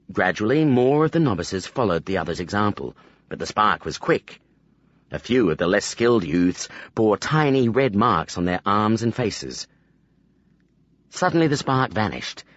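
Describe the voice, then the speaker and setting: A man narrating a fantasy audiobook with expressive storytelling. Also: on the low side, breathy edge, no room sound. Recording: dull lo-fi audio, dry.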